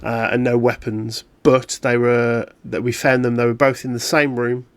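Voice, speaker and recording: A man voicing a composed female field agent who gives a flat, halting report. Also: mid-range voice, clear, resonant tone, no room sound, close to an everyday voice. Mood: flat debrief. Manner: matter-of-fact, halting report.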